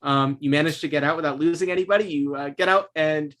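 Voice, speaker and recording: A man's voice: a little high, quick pace, fairly bright tone. A man serving as game master, recapping a tabletop game session on a stream in a rambling, laughing way, often hunting for the right word. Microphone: streaming microphone.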